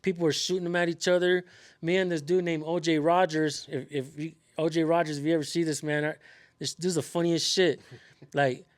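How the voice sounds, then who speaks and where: A man's voice: fairly high pitch, level tone, a little fast. A man hosting a casual talk, rambling with many fillers and restarts. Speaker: channel host, activist. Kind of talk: casual conversation.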